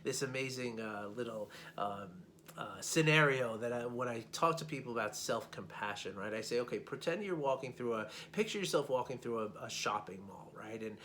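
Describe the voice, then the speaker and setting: A man's voice: medium pitch, expressive, normal speed, fairly bright tone, slight background noise. A man working as a life coach who talks to listeners in a casual teaching manner, often checking in with "right?" and repeating words as he goes.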